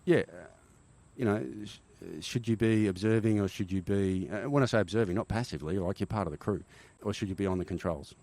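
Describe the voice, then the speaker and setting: A middle-aged Australian man, a former army helicopter pilot, telling animated stories in a casual interview, often checking in with "right?". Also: lowish voice, a little fast. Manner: animated war-story telling, frequent "right?" tags.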